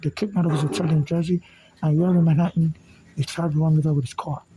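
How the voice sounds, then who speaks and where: A man's voice: on the high side, steady tone, fast talker, mellow, a little hiss or hum, rough recording. A man from Nigeria making an urgent, repetitive appeal to camera, speaking into a phone and addressing an official directly. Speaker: vlogger.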